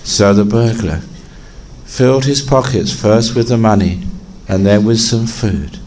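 A man, a Buddhist monk, telling a story in a dharma talk with lively rises for emphasis. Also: measured pace, a little hiss or hum. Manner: animated storyteller, jumping to high pitch for emphasis.

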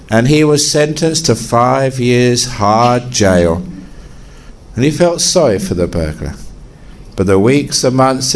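A man, a Buddhist monk, telling a story in a dharma talk with lively rises for emphasis. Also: slight background noise. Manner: animated storyteller, jumping to high pitch for emphasis.

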